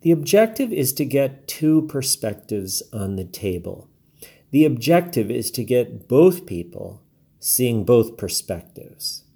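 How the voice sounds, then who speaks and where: A man reading his blog post aloud, giving calm, measured advice and quoting imagined dialogue. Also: mid-range voice, gravelly, breathy edge. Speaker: blog narrator.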